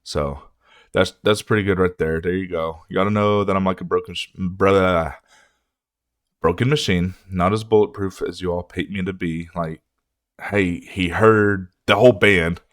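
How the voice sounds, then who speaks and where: Guy ranting and cussing on his music reaction channel, lowish voice, dry close sound. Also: moderate pace, no echo. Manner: ranting, profane, animated. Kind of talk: casual reaction commentary.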